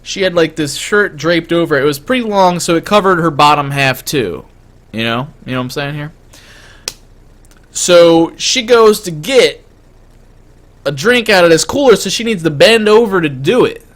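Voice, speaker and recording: A man streaming, telling a story casually in an excitable way, stammering and packing in fillers. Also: on the high side, normal speed.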